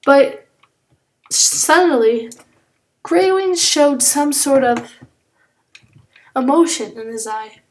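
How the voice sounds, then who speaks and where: A woman's voice: high voice, takes it slowly, long pauses. A woman casually making up and telling a story as she draws, rambling with lots of fillers and self-corrections. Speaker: drawing channel creator. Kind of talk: casual improvised storytelling while drawing.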